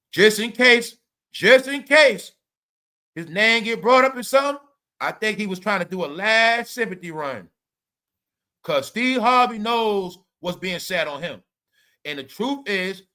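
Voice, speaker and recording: A man's voice: on the high side, pushed and bright. A man hosting a livestream, ranting profanely about celebrity gossip and calling out viewers. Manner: profane, combative, repeats "all right" and "y'all". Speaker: livestream commentator.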